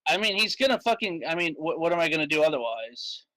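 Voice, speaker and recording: A man playing a tabletop role-playing game, excitable and quick to swear, with frustrated outbursts. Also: a little high, dry recording. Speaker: player.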